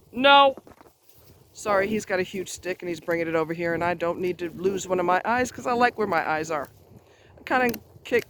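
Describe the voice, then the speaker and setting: A man's voice: sits high, a bit bright, a little hiss or hum. A man talking straight to camera outdoors near a road, giving advice in an emphatic, blunt, chatty way with offhand asides. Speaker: advice vlogger. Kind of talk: casual advice monologue.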